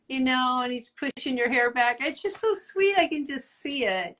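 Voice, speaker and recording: A woman's voice: high voice, expressive, normal speed, hardly any pauses, a bit bright. Middle-aged lady cohosting a faith chat, earnest and encouraging, laughs a lot. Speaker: podcast co-host.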